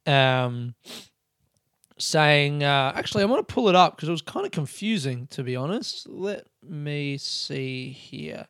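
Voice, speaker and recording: The solo podcaster, a young man, speaks in a fairly high, bright, smooth voice, expressive and unhurried. He talks loosely, swears, and laughs self-deprecatingly, captured by a close mic in a clean studio with no echo.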